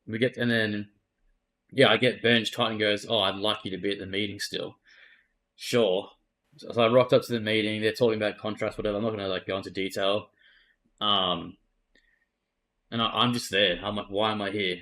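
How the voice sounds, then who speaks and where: A man's voice: fairly low pitch, fairly even intonation, brisk, pauses often, pushed and bright. An Australian man, an esports player, candidly retelling events in a casual interview and swearing freely.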